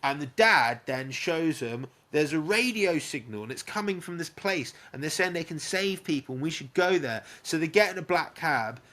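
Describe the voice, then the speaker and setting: A man's voice: fairly high pitch, animated, moderate pace, few pauses, bright, forceful tone. A young man, a podcast co-host, retelling a film in casual, sweary chat and acting out bits with little sound effects.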